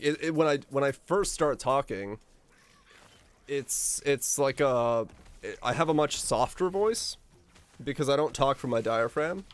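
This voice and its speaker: Streamer guy rambling to chat, deep diaphragm voice, mid pitch, relaxed. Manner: rambling and relaxed, with frequent restarts. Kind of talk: casual chat with viewers.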